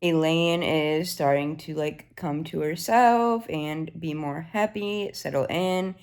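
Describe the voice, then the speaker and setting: Low-voiced young woman, excitable book vlogger. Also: slow. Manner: excitable, swears freely, gushing reactions. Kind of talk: casual reading vlog updates.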